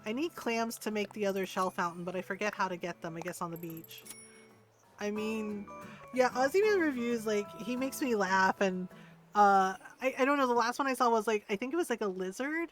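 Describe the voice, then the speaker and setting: A woman streaming a game, chatting casually, animated and giggly, with a casual habit of swearing. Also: medium pitch, a little fast, faint music behind.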